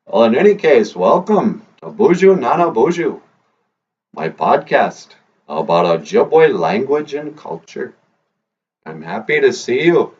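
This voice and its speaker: A man's voice: medium pitch, darkish tone, slightly rough, recorded from a distance. A man hosting a casual language lesson podcast, joking around in a playful way and singing little bits with his guitar. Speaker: podcast host. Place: northern Minnesota. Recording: muffled lo-fi recording with faint guitar.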